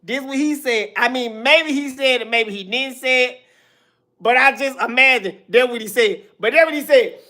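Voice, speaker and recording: A woman's voice: high voice, moderate pace, bright, forceful tone. A woman giving casual reaction commentary, blunt and profane, ranting at length.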